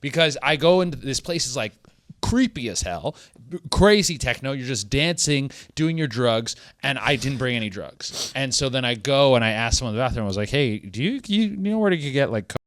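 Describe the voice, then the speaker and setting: A man co-hosting a podcast, telling stories in an animated, joking way. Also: mid-range voice, a little fast, no room sound. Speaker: podcast co-host. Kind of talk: casual chat.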